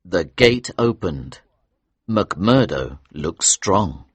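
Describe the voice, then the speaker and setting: A man reads a story aloud slowly and expressively for English learners. His voice is lowish and husky, with lively intonation. The recording is close and dry. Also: dry recording. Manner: slow, clear and expressive.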